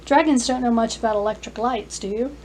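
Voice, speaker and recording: A woman voicing a practical young woman who runs a shop, speaking in lively, brisk questions. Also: on the high side, a little hiss or hum, close to an everyday voice.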